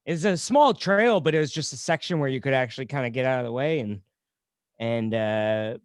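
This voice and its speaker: A man's voice: mid-range voice, clean tone, no echo, clean studio sound. A man co-hosting a comedy podcast, joking and telling stories in casual chat. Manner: joking, storytelling, quick bursts. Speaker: podcast co-host.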